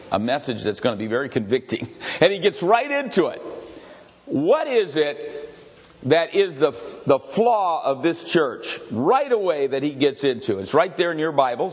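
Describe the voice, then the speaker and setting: Older man preaching in a reverberant hall. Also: a little high. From Grand Rapids, Michigan. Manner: rambling, digressive, repeats himself, chuckles. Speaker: pastor leading a Bible study. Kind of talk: conversational sermon with questions to the congregation. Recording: dull recording with long hall reverb.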